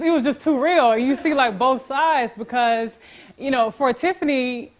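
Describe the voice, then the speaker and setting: A woman's voice: a little high, normal speed. Chatty young woman presenting in class. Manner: chatty, full of fillers and laughs. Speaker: student presenter. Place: lecture classroom.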